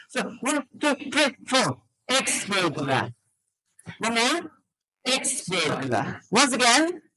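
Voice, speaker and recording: A woman teacher trainer from Azerbaijan runs a classroom lesson, drilling students with questions and counting out word stress. Her voice is on the high side and fairly bright, captured in a low-quality recording.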